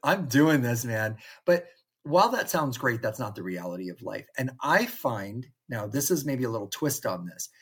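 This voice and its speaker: Male podcast co-host, slightly husky, easygoing storyteller who slips into quoted dialogue. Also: mid-range voice, very animated, normal speed, fairly bright tone. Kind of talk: casual conversation.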